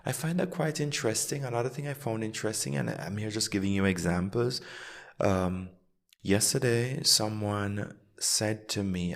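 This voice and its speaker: A man with a very deep voice hosts a relaxed podcast chat as an English coach. He talks in a teacherly way, acting out short example sentences to make his points, and reassures his guest. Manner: explains with spoken example sentences. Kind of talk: casual interview.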